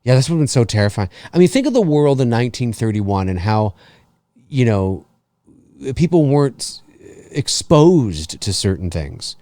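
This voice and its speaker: A man's voice: medium pitch, very animated, moderate pace, dark tone, no echo. A man co-hosting a live film commentary in a laid-back way, chuckling often and reading viewer comments aloud. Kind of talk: live movie commentary chat.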